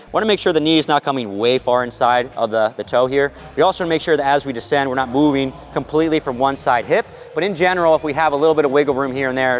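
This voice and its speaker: A man, a physical therapist, teaching knee rehab exercises and coaching a patient through each movement with energy. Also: a little high. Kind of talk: exercise instruction.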